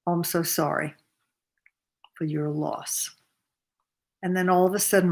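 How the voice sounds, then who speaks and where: A massage therapist in her seventies tells a personal story to the camera from her cozy home beside a fireplace. She speaks in a low-pitched voice, unhurried and earnest.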